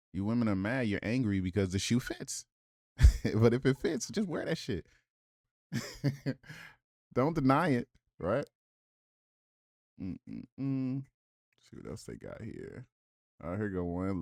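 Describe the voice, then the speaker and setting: A man's voice: lowish voice, sing-song, takes it slowly, gravelly, pauses often, a little mellow, dry recording, clean studio sound. A man giving casual reaction commentary, reading viewer comments aloud with blunt, profane asides and rhetorical questions.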